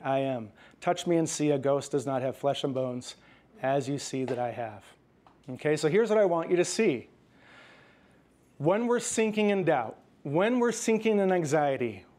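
A male pastor delivering a sermon with a slightly raised pitch. He talks to the congregation like a conversation, often checking in with them and chuckling through his personal stories. When he reads scripture, he slows down and softens his voice. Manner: conversational preaching with frequent "right?" and "okay?".

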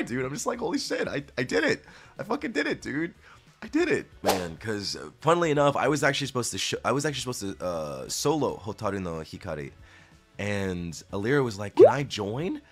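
A man streamer talks casually and earnestly to his viewers, gushing and swearing freely. His voice sits low, but it leaps up high when he gets excited. Faint music plays underneath.

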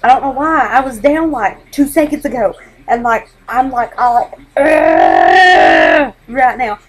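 A teenage girl vlogging on her webcam from a dark bedroom at home, hyper and giggly, rambling from one thing to the next. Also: a little high, normal speed, breathy edge, rough recording. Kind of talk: casual webcam vlog.

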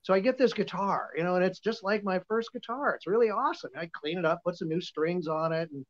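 Speaking high-pitched and briskly, a vintage guitar dealer from Nebraska, in his seventies, spins casual stories as a podcast guest. He rambles folksily with lots of fillers, captured on a dull, lo-fi recording.

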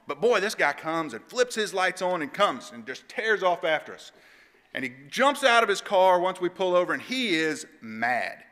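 A man giving a devotional talk in a church. He tells a story in an animated, conversational way. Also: high-pitched, moderate pace. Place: church auditorium. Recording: long church hall reverb.

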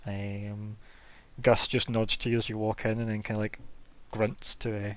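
A man's voice: on the low side, little pitch movement, normal speed. A man running a tabletop game as game master, narrating in a loose, rambling way. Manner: casual, rambling with fillers.

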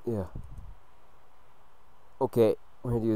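A man hosting a gaming video, giving excitable let's play commentary, swearing and shouting at the game from a hot room at home. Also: fairly low pitch, moderate pace, no room sound, low-quality recording.

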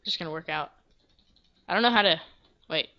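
A woman giving casual, self-deprecating commentary while she plays a video game, now and then breaking into loud yelps. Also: fairly low pitch, fairly quick, dull audio. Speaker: gameplay video creator. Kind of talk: casual let's-play commentary.

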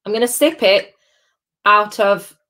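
A chatty woman runs a live tasting stream from home. Her voice sits at a middle pitch, and she keeps up a bubbly, friendly chatter, calling out viewers by name between sips. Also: unhurried, fairly bright tone. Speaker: host of a live gin tasting.

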